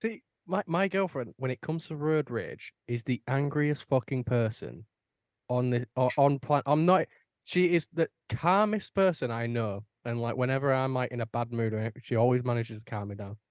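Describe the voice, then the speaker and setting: A man's voice: mid-range voice, normal speed, no echo, clean studio sound. Swearing British man telling stories. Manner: swearing, storytelling with lively quoted voices. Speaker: podcast host. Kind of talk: casual chat.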